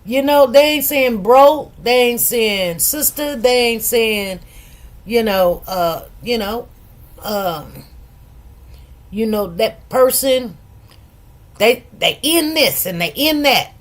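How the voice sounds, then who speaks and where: A middle-aged woman chats on her own live stream in an easy, rambling way. Her voice sits a little high, and she greets her viewers one by one and doubles and triples words to drive a point home. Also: lively intonation, slow pace. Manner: chatty, greets viewers by name, repeats words for emphasis. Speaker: livestream host. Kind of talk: casual live-stream chat.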